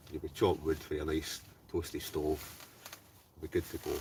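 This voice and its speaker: Scottish male host, deep voice, upbeat live chat from a camping tent, mic a bit distant with faint hiss. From Scotland. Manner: chatty and upbeat, greets viewers by name. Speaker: wild camping livestreamer. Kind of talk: casual livestream chat, reading out viewer comments. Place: hot tent outdoors behind his house.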